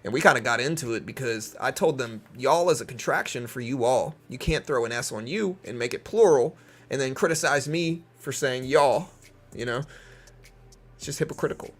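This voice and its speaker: Southern man from Louisiana, young adult, casual market chatter, lots of fillers, gravelly voice. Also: mid-range voice, normal speed. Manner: laid-back, chatty, uses lots of fillers. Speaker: live stream trader. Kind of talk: casual live-stream chat with market commentary.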